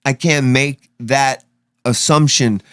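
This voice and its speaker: A man's voice: medium pitch, slow, clear, resonant tone, dry recording. A man co-hosting a casual live show, telling stories with lots of swearing and acting out the people and dogs in them. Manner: animated storyteller, swears freely, acts out dogs and people. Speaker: podcast co-host.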